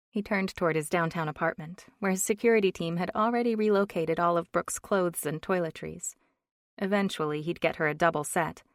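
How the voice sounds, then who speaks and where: Woman audiobook narrator, low-ish voice, measured and even, dry close mic. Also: dry recording. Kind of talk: scripted narration.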